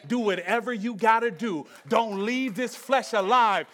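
A man preaching a sermon as pastor, speaking in rhythmic repeated phrases that rise to shouts and then drop to a soft, hushed prayer. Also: high-pitched, unhurried.

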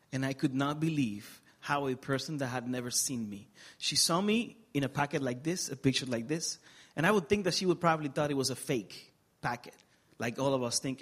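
This middle-aged interview guest from the Dominican Republic gives an earnest, emotional personal testimony with occasional humor. His mid-range voice is animated, fairly bright and slightly rough, at a normal speed.

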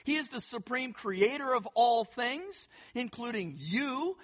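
Pastor delivering a sermon. Earnest and emphatic, unhurried, with a voice that rises and falls widely. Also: mid-range voice, expressive. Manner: emphatic, builds to loud stressed phrases; earnest, repeats words for emphasis.

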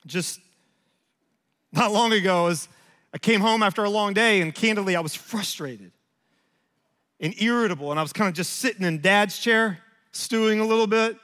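A man's voice: high voice, moderate pace, long pauses, sharp tone. A man in his forties preaching a sermon as a pastor, telling stories about himself in a conversational, self-deprecating way. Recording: long hall reverb.

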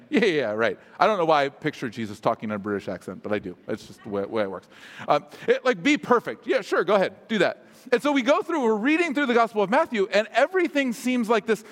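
Delivering his sermon in a high-pitched, fairly bright voice, this man speaks as a pastor in a casual, self-deprecating way and tosses in funny asides. A long hall reverb surrounds the sound.

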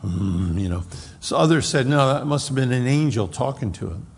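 A man preaching an expository sermon, slowing down and stressing key words as he explains a Bible passage. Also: medium pitch, animated, creaky, slightly rough, in a large hall. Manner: slow deliberate Bible exposition with emphatic stresses.

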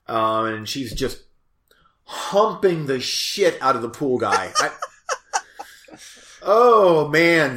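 A man hosting a casual chat about movies, rambling and halting with many fillers and self-corrections. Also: medium pitch, fairly bright tone, roomy sound. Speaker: host reviewing movies.

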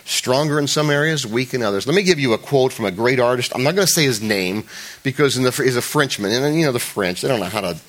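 A man preaching a sermon to a church congregation. He talks conversationally, jokes with the listeners and restarts often, and he rises loud and high for emphasis. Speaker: pastor.

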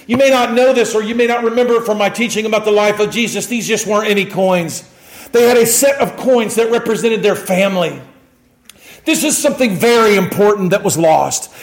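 High-voiced animated male preacher. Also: a little fast. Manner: animated, shouts and acts out joyful voices. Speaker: pastor. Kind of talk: sermon.

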